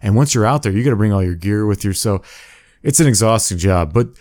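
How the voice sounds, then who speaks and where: A man telling rough work stories in casual chat, animated and swearing freely. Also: fairly low pitch, quick pace, no room sound, studio quality.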